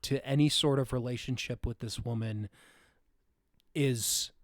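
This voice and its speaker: A man co-hosting a podcast, talking through a film in a halting, reflective way and searching for his words. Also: medium pitch, no echo, studio quality. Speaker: podcast co-host. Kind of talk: casual film discussion.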